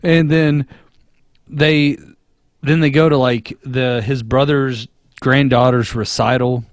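A man's voice: mid-range voice, takes it slowly, no room sound. Man, podcast co-host, casual movie talk, rambling and profane, dry close sound. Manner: profane, rambling, animated retelling.

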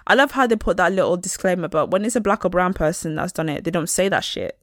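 A woman's voice: lowish voice, fast talker, few pauses, dry recording. Chatty young woman, dry sound. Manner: chatty, laughs a lot, reads news aloud. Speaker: podcast co-host. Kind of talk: casual chat.

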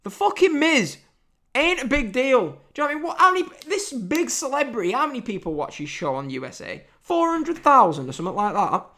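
A man in his late twenties rants casually as a podcast host. His pitch swings widely as he goes from loud, sweary outbursts to low, grumbling mutters. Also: sing-song, a little fast. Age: 20s. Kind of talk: casual ranting commentary.

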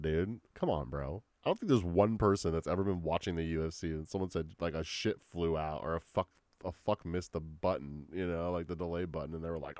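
Speaking at a moderate pace, this young solo podcaster has a deep, slightly mellow voice with lively intonation. He rambles profanely and casually, leaning constantly on "dude" and "like," recorded with no audible room.

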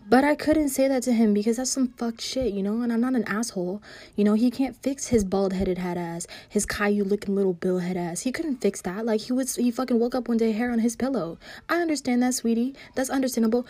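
A woman's voice: on the high side, a little fast, dry recording, soft background music. A young woman telling a school story in a casual rant, swearing constantly and roasting people who teased her. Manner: profane, mocking, animated storytelling. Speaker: vlogger.

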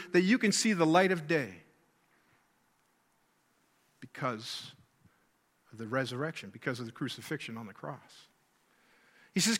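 A man's voice: high-pitched, sharp tone, big-room sound. A man preaching a sermon, emphatic, repeating key words and asking rhetorical questions.

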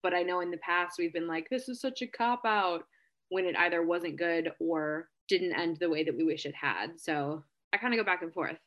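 A woman with a somewhat low voice hosts a casual group chat. She talks in a relaxed, measured way and hands the floor to the others. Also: dull audio. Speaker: podcast host.

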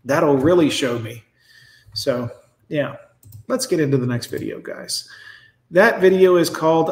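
A man's voice: fairly high pitch, expressive, unhurried, a little mellow. Blunt, sarcastic man in his forties. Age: 40s. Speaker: streamer host reacting to videos. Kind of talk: casual reaction commentary. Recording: echoey room.

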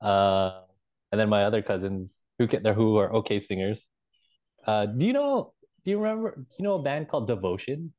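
A man co-hosting a podcast, chatting in a relaxed way, laughing often and repeating words. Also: fairly low pitch, normal speed, lo-fi sound. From Canada. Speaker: podcast co-host. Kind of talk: casual chat.

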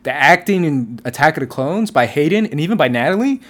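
A man in casual chat, animated and swearing, mocking movie dialogue in put-on voices. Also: on the high side, brisk.

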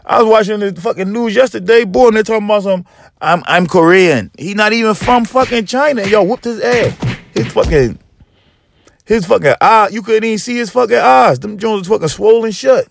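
A man hosting a podcast, telling a profane comedic monologue with lively storytelling, acting out other people and rising to yelling. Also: sits high, brisk, vocal fry, a little hiss or hum. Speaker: podcast host.

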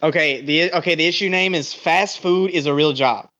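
A man's voice: fairly high pitch, normal speed, pushed and bright, lo-fi sound. A man, a podcast guest talking casually and rambling, with lots of swearing and restarts.

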